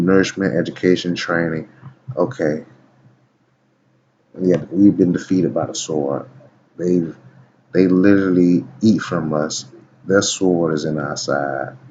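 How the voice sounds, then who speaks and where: A man's voice: low-pitched, darkish tone. A man reading dictionary entries aloud in a casual video, stopping often to tell the listener to watch and keep listening. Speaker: video blogger. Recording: dull lo-fi recording with faint background noise.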